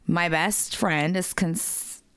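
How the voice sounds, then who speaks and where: A woman's voice: fairly low pitch, fairly even intonation, drawn-out words, a bit bright, clear, resonant tone, no room sound. A woman co-hosting a podcast, reading listener messages aloud in a casual, swearing, laughing manner.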